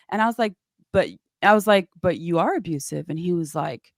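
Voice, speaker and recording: A woman's voice: lowish voice, moderate pace, no echo, clean studio sound. A woman guest in an interview, telling her story casually and acting out what others said. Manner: animated, acts out quoted voices.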